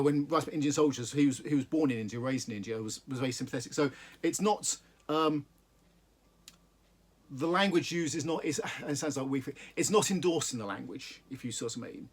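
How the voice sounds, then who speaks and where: Husky male reader, halting and reflective commentary, slightly high voice. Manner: halting, thoughtful, many restarts. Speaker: book reviewer. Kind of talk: reading aloud and book commentary.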